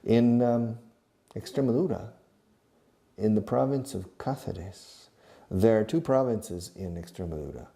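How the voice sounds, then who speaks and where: A man's voice: lowish voice, animated, measured pace, creaky, warm tone. A middle-aged man teaching English to camera, drilling phrases with repetition and dropping in Spanish asides. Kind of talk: filmed English lesson to camera. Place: classroom or studio filmed by a camera operator.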